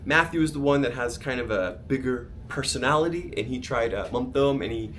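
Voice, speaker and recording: A man's voice: medium pitch, brisk, crowd noise. A man from California chatting to a handheld camera outdoors as a travel vlogger, rambling, with restarts and laughs. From California, United States. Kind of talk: casual vlog talk to camera. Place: outdoors at a family home.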